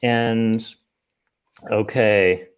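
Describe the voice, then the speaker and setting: A man's voice: on the low side, steady tone, clean tone. A man hosting an online comedy show from home. He rambles and stops often, mocking himself as he goes. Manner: rambling, halting, self-mocking. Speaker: host. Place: home, on a livestream call.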